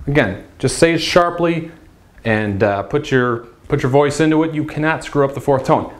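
A young man teaching a whiteboard lesson, patiently repeating words and swinging his pitch widely to demonstrate sounds. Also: expressive, normal speed. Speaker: language teacher.

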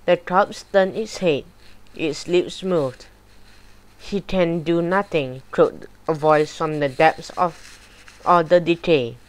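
Slow, low-voiced woman reading aloud. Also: low-quality recording. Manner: slow, deliberate and even. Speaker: storybook reader. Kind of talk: audiobook narration of a horror chapter.

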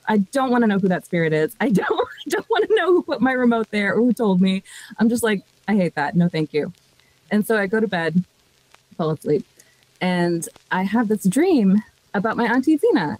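A woman telling a personal story in casual podcast chat, animated and often laughing. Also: on the high side, no room sound, poor audio.

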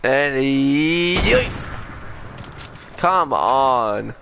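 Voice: mid-range voice, normal speed, a bit bright, slight background noise. A person chatting casually during a game, laid-back and teasing, laughing often. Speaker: gamer. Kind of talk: casual gameplay chat.

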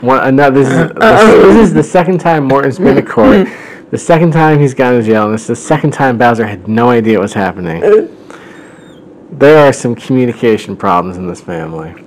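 A man's voice: mid-range voice, fairly quick, darkish tone, poor audio. A man hosting a show, reading a story aloud with wry, amused commentary. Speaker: host.

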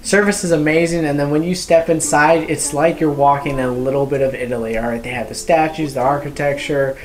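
A man's voice: a little high, steady tone, brisk. A man reviewing a restaurant in a casual vlog, gushing with enthusiasm and tossing in playful asides.

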